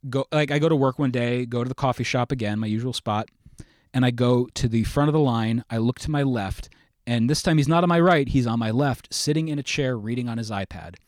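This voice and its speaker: Lively, self-mocking young man telling a story. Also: mid-range voice, brisk, no room sound, clean studio sound. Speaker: podcast guest. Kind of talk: animated anecdote telling.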